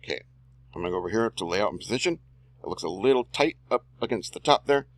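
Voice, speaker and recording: A man's voice: on the low side, expressive, fast, no room sound. A man reading copy aloud as he edits a screen-recorded tutorial, muttering and adding slangy asides to himself. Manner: self-talking, drawling slangy asides. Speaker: online marketer and video host.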